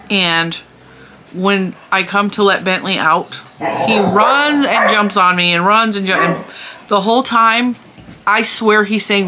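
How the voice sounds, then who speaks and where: A woman's voice: medium pitch, heavy background noise. A woman, hosting a crochet vlog and chatting on in a rambling way at home, laughing often. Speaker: crochet channel host. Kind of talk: casual chat to camera. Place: home room.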